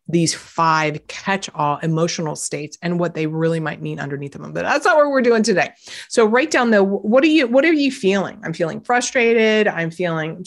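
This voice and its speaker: A woman hosting a self-help podcast who coaches her listeners directly, firing questions at them, talking casually and bluntly with some mild swearing. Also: fairly low pitch. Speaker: podcast host. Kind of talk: motivational self-help talk.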